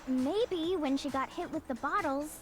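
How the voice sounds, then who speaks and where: An actress voicing a nervous, sharp-tongued young woman in a video game who snaps at others and swoons over her idol. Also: measured pace. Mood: snippy. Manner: shrill, snippy, swooning. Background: game music.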